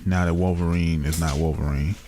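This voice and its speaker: Very deep-voiced joking young man. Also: steady tone, warm tone, a little hiss or hum. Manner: joking, laughs often, quick opinions. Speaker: podcast co-host. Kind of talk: casual chat.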